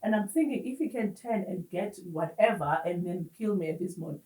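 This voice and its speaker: Woman, halting and earnest. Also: fairly low pitch, lively intonation, darkish tone. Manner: earnest, halting, mixes in Xhosa words. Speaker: interview guest. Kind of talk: personal testimony in conversation. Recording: roomy echo, distant mic.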